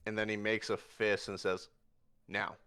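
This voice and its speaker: A man narrating a tabletop game as game master, describing a battle slowly and vividly. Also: lowish voice, flat delivery, pushed and bright, clean tone. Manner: slow, vivid scene narration.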